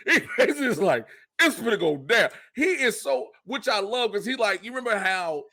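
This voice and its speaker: A man hosting a podcast in casual chat, animated and profane, acting out quotes in funny voices. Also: sits high, normal speed. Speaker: podcast host.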